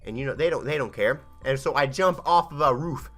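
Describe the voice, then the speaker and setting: Man in his thirties, bright voice, rambling comic storyteller, faint music underneath. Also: medium pitch. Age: 30s. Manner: rambling, animated, breaks into quick voices for characters. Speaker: gaming channel host. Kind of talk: comic retelling of a game playthrough.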